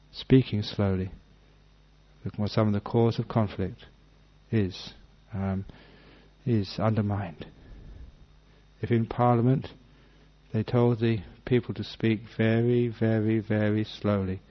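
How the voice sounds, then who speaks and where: A man, a Buddhist monk, giving a dhamma talk, reading a sutta aloud and then explaining it unhurriedly with gentle humour. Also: lowish voice, fairly even intonation, unhurried. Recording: dull lo-fi talk recording.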